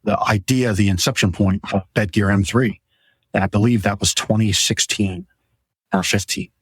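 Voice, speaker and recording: An enthusiastic man chatting casually about mattresses from a store showroom, his voice a bit on the low side. He rambles and pitches products with a close, dry sound and no room echo. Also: steady tone, normal speed, breathy edge. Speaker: podcast host and mattress store owner. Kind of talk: casual sales chat.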